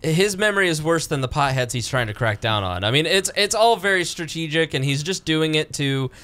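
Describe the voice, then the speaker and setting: A man's voice: animated, brisk, pushed and bright. A young man hosting a political talk podcast, chatting casually and sarcastically. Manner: sarcastic, mimics politicians in high voices. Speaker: podcast host.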